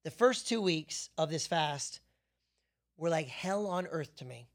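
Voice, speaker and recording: A man's voice: fairly high pitch, lively intonation, unhurried. A man hosting a faith podcast, preaching in a loose, joking, self-deprecating way full of asides.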